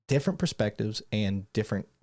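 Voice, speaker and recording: Man, northern US accent, lowish voice, rambling casual podcast host. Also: big pitch swings, fairly quick, a little mellow. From Michigan. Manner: rambling, self-correcting, laughs often.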